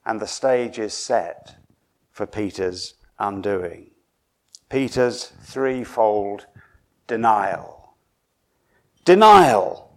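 A man from Suffolk, England, preaches with dramatic storytelling, dropping to a hush and then rising for emphasis. His voice is fairly low and very slow.

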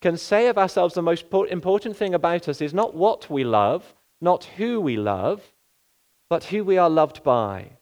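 A man's voice: fairly high pitch, lively intonation, normal speed, darkish tone. A male pastor giving an earnest sermon, often asking rhetorical questions.

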